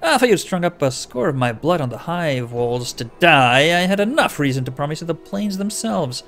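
A man's voice: a little high, big pitch swings, a little slow, soft background music. A man doing Feyrod, a wicked old fence. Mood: furious. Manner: menacing, mocking, flares into fury. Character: sly, withered old male tiefling fence on a crutch.

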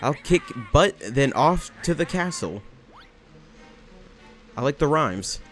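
A young man rambling excitably and swearing as he comments on a video game. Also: fairly high pitch, takes it slowly, faint music behind. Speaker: let's play gamer. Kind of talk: casual gameplay commentary.

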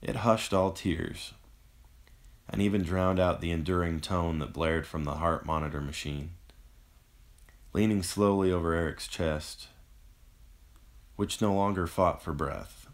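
Male author reading his own book; measured, somber, unhurried, low and gravelly. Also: fairly even intonation. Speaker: author and narrator. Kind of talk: audiobook narration.

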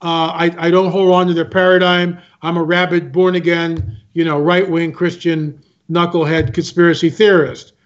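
A man's voice: on the high side, little pitch movement, moderate pace. A man speaking as a guest, telling stories with emphasis, repeating himself and acting out other people's lines. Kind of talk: animated storytelling talk. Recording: muffled lo-fi sound.

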